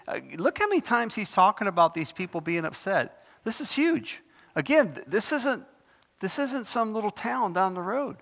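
A man's voice: on the high side, expressive, brisk. Impassioned preacher man, hall echo. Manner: impassioned, rising loud when reading scripture; conversational asides between verses. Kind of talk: Bible teaching sermon. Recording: long hall reverb.

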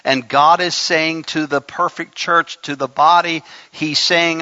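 A man's voice: on the high side, steady tone, unhurried, few pauses, bright, forceful tone, smooth, dry recording, dull audio. A man preaching a sermon as pastor, emphatic, with joking asides to his congregation.

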